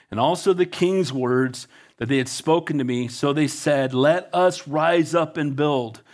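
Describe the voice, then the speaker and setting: A man's voice: mid-range voice, darkish tone. A man preaching a fervent sermon, reading scripture aloud and urging his listeners to action. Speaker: pastor.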